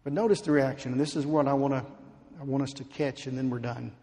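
A man preaching a sermon, slow and emphatic, building to fervent pleading. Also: medium pitch, fairly even intonation, mellow. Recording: long hall reverb.

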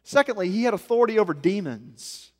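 A man preaching a sermon, with animated delivery that swings between loud emphasis and soft, low asides. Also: a little fast. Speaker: pastor. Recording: long hall reverb.

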